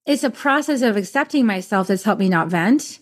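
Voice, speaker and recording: A woman's voice: medium pitch, lively intonation, brisk. Earnest, emphatic woman in her fifties. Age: 50s. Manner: earnest and emphatic, speaking up for herself. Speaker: podcast host. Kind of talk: casual conversation.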